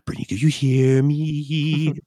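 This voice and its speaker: A woman's voice: sits low, flat delivery, unhurried, warm tone, dry recording, clean studio sound. A woman co-hosting a comedy podcast, goofy and jokey, stumbling over words as she reads. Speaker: podcast co-host.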